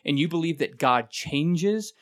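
A man's voice: fairly high pitch, animated, a little slow. A man co-hosting a discussion podcast, talking earnestly and emphatically about church teaching. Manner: earnest, emphatic, runs sentences together. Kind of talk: casual discussion.

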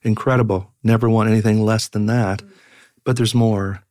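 A middle-aged man, a pastor, telling reflective stories in an earnest, halting way with many fillers. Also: fairly low pitch, steady tone, darkish tone, no echo, studio quality. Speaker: pastor and guest. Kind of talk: reflective conversational storytelling.

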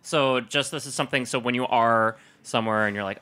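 A man co-hosting a food podcast, chatting in a rambling, animated way. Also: mid-range voice, a little fast, hardly any pauses, smooth. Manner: rambling, animated, restarts sentences. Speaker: podcast co-host. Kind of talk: casual chat.

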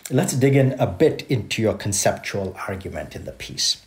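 A man hosting an interview podcast, his voice on the low side. He asks questions in a measured, courteous way. The recording carries a noticeable roomy echo. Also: big pitch swings, darkish tone. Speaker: podcast host.

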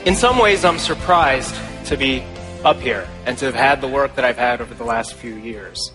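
A young man giving a speech to a live audience, telling stories in an animated, self-deprecating way. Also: medium pitch, normal speed, music in the background. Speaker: conference speaker.

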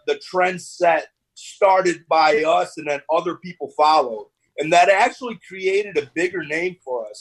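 Husky streetwise man, stumbling and relaxed. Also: a little high, rough recording. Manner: relaxed and streetwise, stammers and repeats words, says "bro" often. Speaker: podcast guest, business owner. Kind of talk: casual podcast interview.

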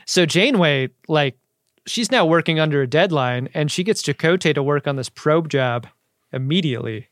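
A man's voice: a little high, animated, normal speed, a bit bright, no echo. Dry-joking man in a dead room. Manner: dry, joking, puts on voices for characters. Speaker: podcast co-host. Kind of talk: casual comedic recap chat.

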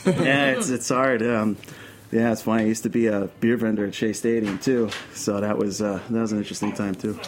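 A man's voice: lowish voice, flat delivery, fairly quick, darkish tone, a little hiss or hum. A man from Queens with a New York accent, a filmmaker guest rambling with many restarts in casual radio chat. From Queens, New York City.

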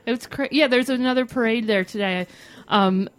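A woman's voice: fairly high pitch, normal speed, no room sound. A woman co-hosting a radio talk show, telling sardonic travel stories and laughing as she talks. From Pennsylvania. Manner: sardonic storytelling, laughs while talking. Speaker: co-host. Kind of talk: casual banter.

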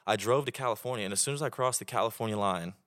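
A young Oklahoma man with an Oklahoma accent guests on a podcast, chatting casually and telling animated stories with lots of swearing. He talks very fast in a lowish, clean-toned voice, recorded in studio quality with no room sound.

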